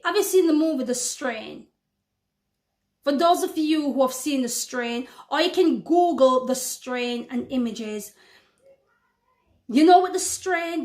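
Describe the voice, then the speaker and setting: A woman's voice: high-pitched, darkish tone. A woman giving a spoken religious testimony in an earnest, repetitive way, calling her listeners brothers and sisters.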